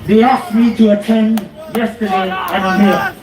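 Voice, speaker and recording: A man's voice: high voice, fairly even intonation, normal speed. A man from the United Kingdom speaking at an outdoor street rally, rousing the crowd with an impassioned speech and leading chants through a handheld mic. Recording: echoey street, from a distance, loud crowd.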